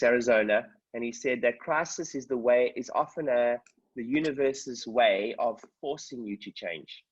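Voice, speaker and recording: Over a video call, a man gives a motivational talk to a group, coaching them with energetic stories and checking in on his listeners. His mid-range voice has a breathy edge, and the sound is lo-fi.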